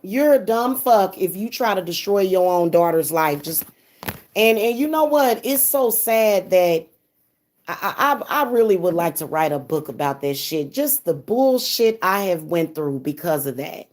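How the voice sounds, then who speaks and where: A woman's voice: fairly low pitch, animated, a little slow. A young woman venting angrily in a vlog, cursing heavily and stumbling over repeated words when upset. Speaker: spiritual reader and vlogger. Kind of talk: angry, profane venting monologue.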